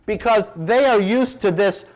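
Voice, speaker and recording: A man's voice: high-pitched, unhurried. A middle-aged man giving an emphatic, sarcastic public speech. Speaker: speaker.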